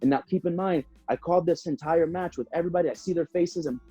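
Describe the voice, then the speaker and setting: A young man, a professional wrestler telling stories in a casual interview, animated and full of fillers. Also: on the high side, fast, slightly rough. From Puerto Rico. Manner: animated, acts out voices, many fillers. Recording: dull slightly lo-fi sound, faint music.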